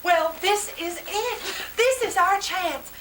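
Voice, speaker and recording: A woman's voice: very high-pitched, slow pace. A woman playing a brassy, social-climbing middle-aged mother who gushes and calls everyone honey. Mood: gushing. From West Texas. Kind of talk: radio-style comedy drama. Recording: roomy, distant mic, faint noise.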